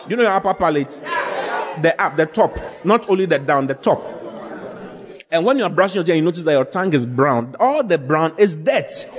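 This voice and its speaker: Male pastor, animated comic preacher with a springy, high-ish voice, live with the congregation. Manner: animated, jokes and laughs while preaching. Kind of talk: humorous sermon.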